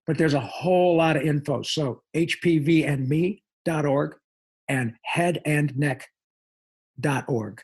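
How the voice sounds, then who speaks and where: A man in his sixties, a voice actor chatting as a guest in a casual podcast, playful and animated. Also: a little high, unhurried, husky.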